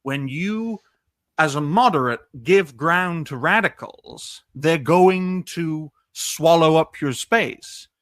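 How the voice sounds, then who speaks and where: A man's voice: fairly high pitch, slow, a bit bright, dry recording. Emphatic lecturing man, dry sound. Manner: emphatic, lecturing, rhetorical repetition. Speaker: podcast panelist. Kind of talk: casual online debate chat.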